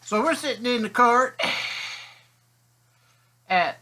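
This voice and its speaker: A man's voice: extremely high pitch, animated, slow pace, sharp tone. A man telling a rambling, folksy comic story as a video host.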